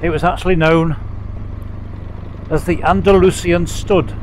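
A man's voice: a little high, steady tone, unhurried, a little mellow, low-quality recording. A middle-aged English man telling stories while riding a motorcycle, rambling along with many fillers and restarts. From England. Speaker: motorcycle vlogger. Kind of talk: casual ride narration. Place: outdoors riding a motorcycle sidecar on country roads. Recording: road and engine noise behind.

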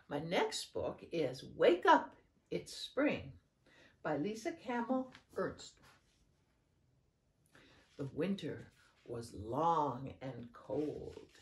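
A woman reading picture books aloud to children in a sing-song storytelling manner, jumping high for the characters' lines. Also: sing-song, very slow, long pauses. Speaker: children's program facilitator.

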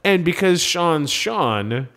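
Animated male podcast co-host. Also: a little high, takes it slowly. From Minnesota. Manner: animated storyteller, acts out quoted dialogue. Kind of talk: casual podcast chat.

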